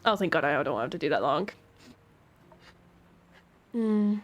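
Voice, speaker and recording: A woman's voice: low-pitched, big pitch swings, a little slow. A woman streaming a story game, reading out the characters in turn and chatting between lines.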